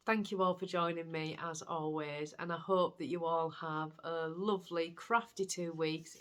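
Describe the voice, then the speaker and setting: A woman with a Yorkshire accent hosting a knitting podcast, telling stories in a chatty, animated way. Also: on the low side. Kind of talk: casual chat to camera.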